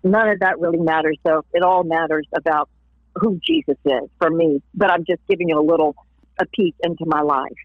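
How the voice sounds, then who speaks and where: A woman's voice: sits low, fairly quick, no room sound. A woman from Florida shares her faith story as a guest on an interview show. She laughs often and plays out the voices of people she quotes. Her voice comes through a tinny phone line with a dry, close sound. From Florida, USA. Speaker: interview guest, singer and evangelist. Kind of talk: personal testimony in a casual interview.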